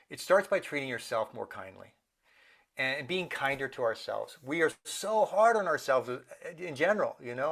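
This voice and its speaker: A man's voice: on the high side, a bit bright. A middle-aged man speaking earnestly in a casual interview, now and then acting out the voices of people he quotes. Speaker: guest, meditation teacher.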